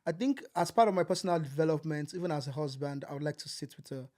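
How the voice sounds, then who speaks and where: Podcast co-host, man in his thirties from Nigeria; lively storyteller who slips into quoted voices. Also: a little high, fast talker. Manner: animated, acts out quotes, repeats words. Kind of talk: casual chat.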